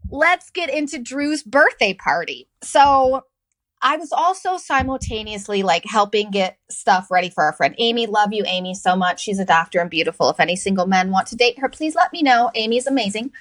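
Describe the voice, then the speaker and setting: A middle-aged woman hosting a podcast, telling a story in a sarcastic, profane and animated way. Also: fairly high pitch, rough recording. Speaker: podcast host. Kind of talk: casual storytelling monologue.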